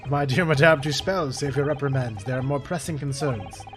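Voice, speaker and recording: A man doing a pompous, grandiose gentleman detective. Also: medium pitch, moderate pace, natural voice. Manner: grandiose, theatrical, old-fashioned formal diction. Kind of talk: reading game dialogue aloud. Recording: game music playing behind.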